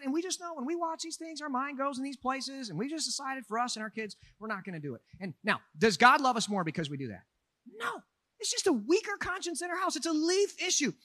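A man delivering a Sunday sermon in a chatty, animated manner, mixing jokes into his points. His voice sits high and sounds bright and forceful. The recording is dry, with little room sound. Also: no echo. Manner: animated, conversational preaching with asides and humor. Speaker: pastor.

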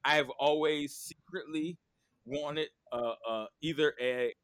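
A man hosting a podcast, talking in an animated, rambling way in casual chat. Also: on the high side, slow pace, dry recording, studio quality. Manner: animated, rambling, lots of fillers and laughs. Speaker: podcast host.

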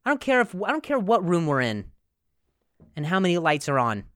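A man's voice: sits high, sing-song, fairly quick, fairly bright tone, dry recording, clean studio sound. A young man hosting a comedy podcast, rambling and profane, with sarcastic rants full of restarts. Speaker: podcast host.

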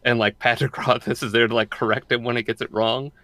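Bright-voiced rambling podcast guy. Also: mid-range voice, little pitch movement, fast, dry recording. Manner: rambling, self-correcting, repeats words. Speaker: podcast co-host. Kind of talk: casual podcast chat.

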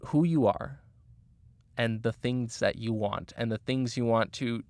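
A man's voice: mid-range voice, unhurried, darkish tone, dry recording. A man talking earnestly and casually, giving motivational advice about goals with frequent fillers. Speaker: motivational speaker.

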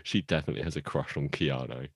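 A man's voice: rumbling low, fairly even intonation, quick pace, no room sound. A man co-hosting a podcast, reviewing a TV episode in casual chat with dry, teasing jokes. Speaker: podcast co-host.

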